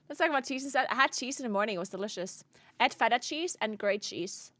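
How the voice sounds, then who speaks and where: A young woman streamer talks loosely to her chat while playing, her higher voice swinging up and down a lot. She leans on "like" and casual swearing, and the sound is close and dry. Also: animated, fast, fairly bright tone, no room sound. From South Tyrol. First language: German dialect. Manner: chatty, many "like" fillers, swears, laughs often.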